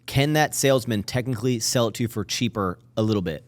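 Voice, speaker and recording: A man's voice: mid-range voice, fast, no room sound. A man co-hosting a podcast in casual chat, curious and asking lots of loose questions. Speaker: podcast co-host.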